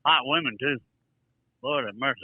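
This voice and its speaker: A man playing a gruff, profane older trucker caller with a Southern accent, drawling and touchy. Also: mid-range voice, moderate pace, no echo, lightly acted. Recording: tinny phone line.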